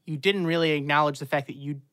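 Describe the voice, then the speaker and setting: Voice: mid-range voice, fairly even intonation, fast talker, a bit bright. A host in casual chat, teasing a guest with jokey questions.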